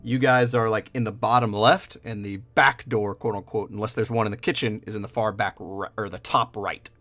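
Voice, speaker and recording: A man's voice: fairly low pitch, fairly even intonation, moderate pace, fairly bright tone. A man running a tabletop game as game master, narrating loosely with lots of casual fillers and the odd swear.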